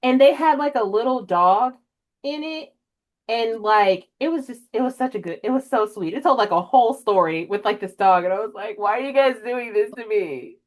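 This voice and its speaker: A young woman hosting a casual book podcast, chatty and emotional, jumping way up in pitch when she acts out her own reactions. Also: normal speed. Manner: emotional, animated storyteller with big pitch jumps in quoted reactions. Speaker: podcast host. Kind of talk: casual chat.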